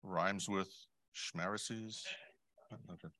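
Low-voiced man giving a chatty sermon. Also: fairly even intonation, very slow, sharp tone. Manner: conversational, with asides and audience questions; clears throat often. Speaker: lay preacher.

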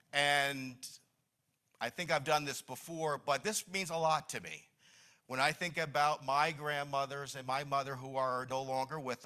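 Middle-aged man, church speaker, bright tone, fond and halting. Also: mid-range voice. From New Jersey. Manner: warm, reminiscing, with many restarts. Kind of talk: Mother's Day church talk. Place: church meeting hall.

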